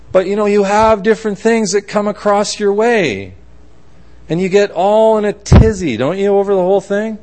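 This high-pitched male preacher brings his sermon's stories to life, voicing each person in them with animated flair.

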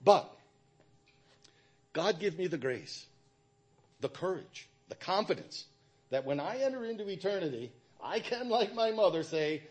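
A middle-aged man giving a personal church testimony, speaking haltingly with frequent restarts. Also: a little high, very animated, breathy edge.

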